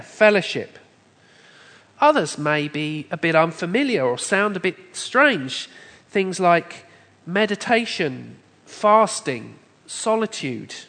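A fairly high-voiced man delivers a sermon in a church hall, measured and emphatic. He builds his points through steady lists. A long reverb trails each phrase. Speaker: preacher.

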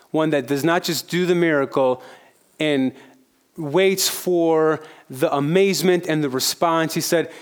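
A man preaching a sermon in a relaxed, conversational style. His voice sits somewhat high for a man, and he circles back on phrases to stress them. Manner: conversational, repeats phrases for emphasis. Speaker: pastor.

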